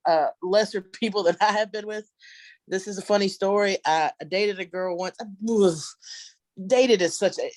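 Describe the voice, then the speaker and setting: A woman's voice: medium pitch, dry recording. A middle-aged woman doing a brash, profane, rambling stand-up set. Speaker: headlining comedian. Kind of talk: stand-up set on a video call.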